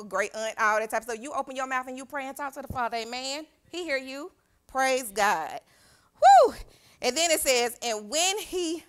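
A woman youth pastor preaches in a church sanctuary. Her voice sits a little high and rings bright and forceful as she reads scripture, then drops into lively call-and-response with the congregation. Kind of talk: sermon reading scripture aloud.

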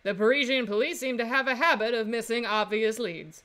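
A woman's voice: a little high, brisk, a bit bright, natural voice. A woman voicing a poised young French flower-seller bird, with a put-on French accent and a composed, guarded manner.

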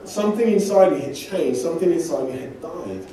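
A man from England preaches to a congregation, telling personal stories with self-deprecating humor in a loose, conversational way. His voice sits a little high but mellow and dark. He is recorded from a distance, so the church hall echoes around him. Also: expressive, brisk, slight background noise. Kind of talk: sermon.

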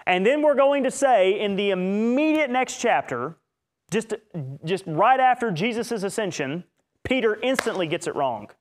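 A man teaching a Bible study session as a preacher, talking in an animated way with joking asides. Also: sits high, normal speed.

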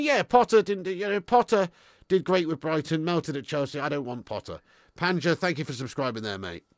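Reading out viewer comments during a live football watch-along, this young fan channel host comes across as blunt and frustrated, swearing casually. His voice is medium-pitched, and the clean studio audio has no room sound.

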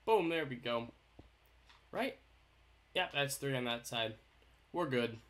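A man's voice: mid-range voice, animated, takes it slowly. A young man hosting a casual let's-play commentary, chatting in a goofy, playful, jokey way as he builds. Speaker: gaming YouTuber host.

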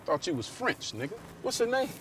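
A furious, profane father with a gun, played by a man, menacing in a high voice that leaps all over. He barks threats in sudden shouting bursts. The sound is distant and outdoors, with clear background noise. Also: sing-song, a little fast. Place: outdoors in the woods.

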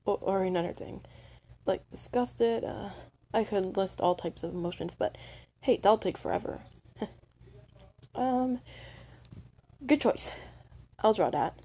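Brief: shy, timid undead kid, voiced by a young woman, slow, stuttering, gravelly edge. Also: mid-range voice. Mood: shy, hesitant. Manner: stuttering, hesitant, soft-spoken. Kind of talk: POV role-play addressed to the listener.

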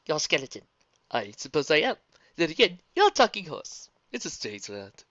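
A woman voicing a polite, cheerful male skeleton gentleman in a fan audiobook reading, speaking with courteous formality. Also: low-pitched, huge pitch swings, normal speed, dry recording, highs cut off, full character voice.

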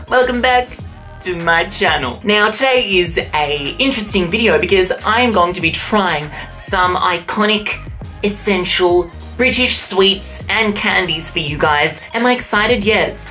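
An Australian man hosting a casual taste-test vlog, talking in an animated, theatrical and sassy way. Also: sits high. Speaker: YouTuber.

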